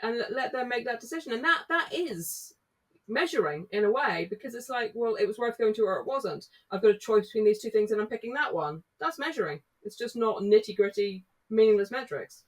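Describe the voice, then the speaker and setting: A woman's voice: on the high side, animated, recorded from a distance, rough recording. A woman, a marketing consultant in a casual podcast conversation, telling stories and acting out the dialogue. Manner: brisk storyteller, acts out dialogue.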